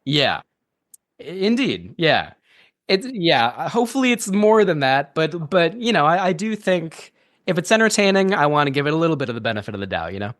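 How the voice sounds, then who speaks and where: A man's voice: fairly high pitch, very animated, fairly quick, fairly bright tone, no room sound, studio quality. A man co-hosting a podcast, chatting casually about a movie, laughing often and talking through lots of fillers and restarts. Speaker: podcast co-host. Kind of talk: casual movie review chat.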